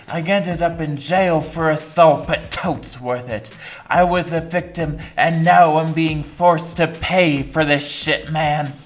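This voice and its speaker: A man's voice: on the high side, steady tone, slow. A man voicing a brash young male store worker who talks in casual slang in a comedy sketch. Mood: defiant.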